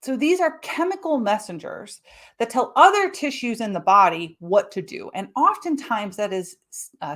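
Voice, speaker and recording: A woman hosting a live-streamed health podcast, explaining things in a lively way and acting out quick little voices for her examples. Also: on the high side. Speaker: podcast host.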